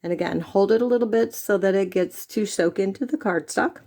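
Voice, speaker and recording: A woman's voice: medium pitch, brisk, darkish tone. A woman from the United States giving a chatty step-by-step card-making tutorial, with frequent fillers. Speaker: stamping demonstrator. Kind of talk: craft tutorial.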